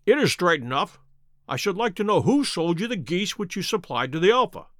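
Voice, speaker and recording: A composed, cunning detective who baits his mark with calm, offhand remarks, as a male narrator plays him. The voice is fairly high and lively in its pitch turns. The sound is close and dry. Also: brisk, no echo. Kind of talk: audiobook character reading.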